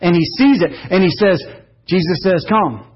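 A husky, fairly high-pitched man preaches an earnest, impassioned sermon. His emphasis swells and drops as he speaks. The recording has a dull, lo-fi quality. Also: animated, moderate pace.

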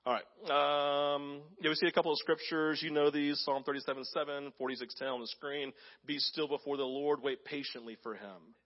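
Animated pastor preaching, slightly high voice. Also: male voice, moderate pace, dull audio. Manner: animated, acts out voices in quotes; drops to soft, hushed tones for emphasis. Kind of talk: sermon.

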